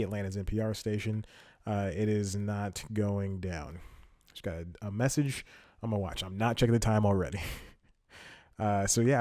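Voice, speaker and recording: Low-voiced rambling comedy podcast host. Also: male voice, mellow, no room sound, clean studio sound. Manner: rambling and self-interrupting, wry. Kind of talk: casual solo comedy monologue. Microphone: studio mic, wearing headphones.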